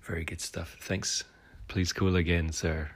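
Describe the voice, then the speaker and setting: A man's voice: sits low, flat delivery, measured pace, husky. A man hosting a podcast, answering listener messages in casual chat, hesitant and full of ums and uhs. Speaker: podcast host.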